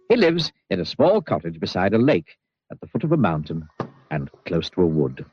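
A man narrating a children's storybook with expressive, drawn-out emphasis. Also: deep voice. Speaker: audiobook narrator. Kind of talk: storybook reading. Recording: muffled recording with soft music.

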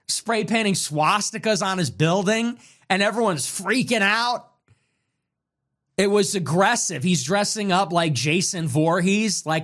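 Guy ranting solo, kinda high voice, hammering short repeated lines. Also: a little slow, fairly bright tone. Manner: emphatic, repetitive, punchy short sentences. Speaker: commentator. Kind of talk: solo opinion monologue.

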